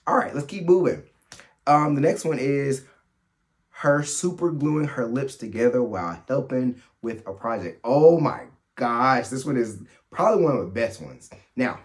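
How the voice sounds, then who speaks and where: An adult man hosts a solo podcast episode in a relaxed, chatty way. His voice sits in a middle register, and he keeps telling stories with lively asides and bursts of laughter. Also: mid-range voice. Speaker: podcast host. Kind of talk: solo storytelling chat.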